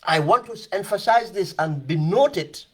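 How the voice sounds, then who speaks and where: A man's voice: sits high, expressive, moderate pace, a bit bright, breathy edge. A man giving emphatic, impassioned political commentary, repeating phrases for stress. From Gambia.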